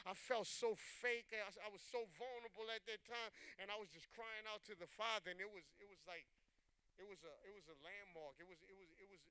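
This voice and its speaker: A man's voice: high voice, pushed and bright, clear, resonant tone, low-quality recording. A man preaching a sermon as pastor, speaking casually between emotional testimony and fervent, emphatic preaching.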